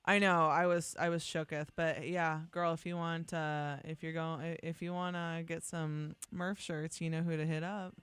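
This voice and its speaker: A woman's voice: low voice, moderate pace, hardly any pauses, clear, resonant tone, dry recording. A young woman co-hosting a radio show, chatting casually and emphatically. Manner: animated, emphatic, swings into mock voices. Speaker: radio co-host. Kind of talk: casual morning radio banter.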